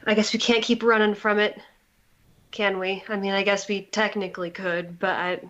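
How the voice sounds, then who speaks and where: A woman's voice: medium pitch, flat delivery, moderate pace, a bit bright, muffled recording. A woman playing a character in a tabletop game, speaking hesitantly with many restarts as she describes her character's actions. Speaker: player.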